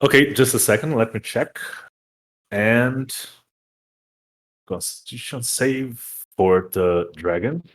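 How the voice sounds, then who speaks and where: Slow, rambling game master man. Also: medium pitch. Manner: rambling, full of fillers. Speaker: dungeon master. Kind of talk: narrating a tabletop game.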